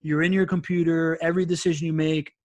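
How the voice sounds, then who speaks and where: A man guesting on a podcast, telling stories in an animated, casual way full of fillers and "right?" tags. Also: a little high, fast, no room sound. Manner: animated, filler-heavy, keeps asking "right?". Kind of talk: casual interview storytelling.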